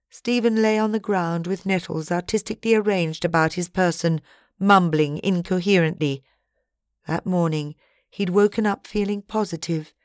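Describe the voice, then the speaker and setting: Low-voiced woman narrating an audiobook. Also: no echo, clean studio sound. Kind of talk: scripted narration.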